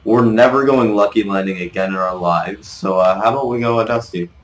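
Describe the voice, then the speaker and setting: A man giving live gameplay commentary as a gaming video creator, excitable, cursing mildly and trash-talking his opponents. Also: on the low side, a little fast. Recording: roomy echo.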